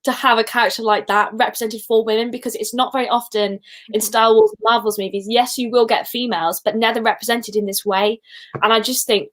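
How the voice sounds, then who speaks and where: A woman's voice: fairly high pitch, steady tone, fairly quick, fairly bright tone. A woman co-hosting a casual fan chat, gushing and emotional as she rambles. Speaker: podcast co-host; teacher.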